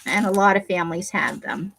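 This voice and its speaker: A woman's voice: lowish voice, brisk, gravelly, fairly bright tone, a little hiss or hum. A woman streamer chatting casually with her viewers, teasing them by name and joking about herself. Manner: chatty and self-deprecating, talks to viewers by name. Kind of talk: casual livestream chat.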